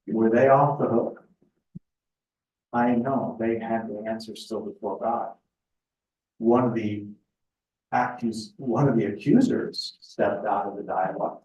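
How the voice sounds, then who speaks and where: A middle-aged man speaking at a spiritual retreat in a conversational, thoughtful way, often pausing with fillers. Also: lowish voice, dark tone, muffled recording. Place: retreat house meeting room. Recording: echoey room, voice picked up from a distance.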